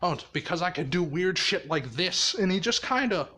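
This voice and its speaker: A man's voice: high-pitched, expressive, normal speed, sharp tone. A man casually telling a fan story, rambling and swearing, with frequent laughter. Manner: rambling, profane, laughs often.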